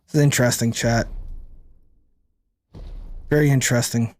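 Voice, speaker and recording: A man's voice: a little high, animated, moderate pace, pauses often. A man streaming a card game, rambling and thinking aloud to his chat, swearing casually. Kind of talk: casual gameplay commentary to chat.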